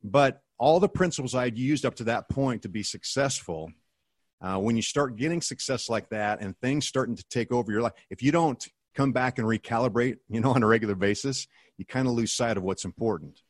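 A man's voice: medium pitch, no echo, studio quality. A middle-aged American man telling a personal story in a podcast interview, earnest and emphatic. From United States. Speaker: guest, author and speaker.

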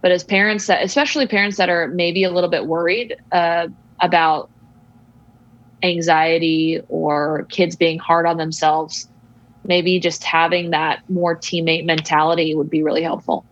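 A woman guest expert answering interview questions about sports and parenting in a measured, thoughtful way. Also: on the low side, steady tone, dull audio. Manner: measured, thoughtful, slow explaining.

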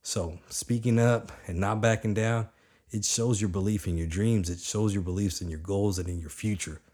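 A young man with a deep, low voice gives a motivational talk directly to his audience at a normal pace. He's energetic and conversational, driving his points home by repeating them.

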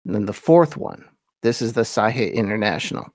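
A man hosting a podcast, giving an informal lecture on religious history and slowing down to read quotations with weight. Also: on the low side, animated, a little mellow, no echo, clean studio sound.

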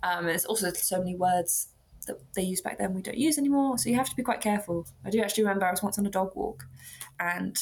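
A woman's voice: medium pitch, quick pace, darkish tone. A woman author reading from her novel and then chatting in a self-deprecating, easygoing way. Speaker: author, guest.

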